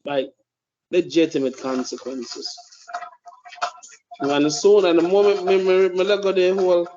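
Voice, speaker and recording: A man's voice: sits high, steady tone, a little slow, long pauses, mellow, a little hiss or hum. A man giving blunt, profane opinionated commentary as a podcast host. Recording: dull lo-fi recording.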